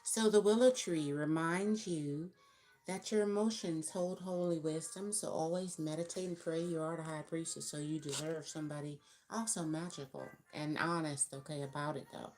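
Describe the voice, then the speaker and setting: A woman's voice: deep voice, steady tone, normal speed, darkish tone, a little hiss or hum. A woman giving a casual tarot reading to viewers, musing and thinking aloud as she counts out cards. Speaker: tarot reader.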